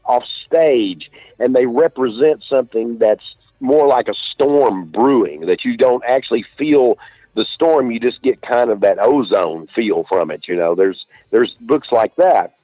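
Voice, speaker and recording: A man with an East Texas accent, an author being interviewed, telling stories in a relaxed drawl with many restarts. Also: mid-range voice, unhurried, dry recording. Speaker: author guest. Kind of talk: casual interview talk. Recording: dull lo-fi dry stream audio.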